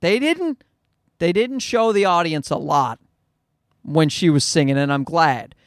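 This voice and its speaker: A man's voice: a little high, unhurried, dry recording, studio quality. A man hosting a comedy podcast, riffing in a rambling, profane, self-mocking monologue. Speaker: podcast host.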